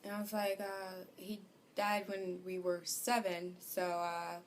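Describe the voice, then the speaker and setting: A woman telling a personal story, hesitant and full of fillers, her voice growing softer as she goes. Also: mid-range voice, completely flat delivery, takes it slowly, a little hiss or hum. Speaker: vlogger. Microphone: home recording.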